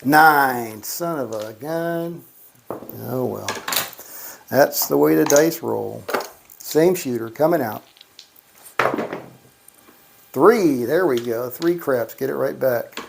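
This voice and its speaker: Slow gravelly guy calling out dice rolls, muttering little curses, casual running commentary. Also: mid-range voice, background noise. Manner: calls out dice rolls, mutters mild cursing. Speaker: gambling vlogger. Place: casino electronic craps machine.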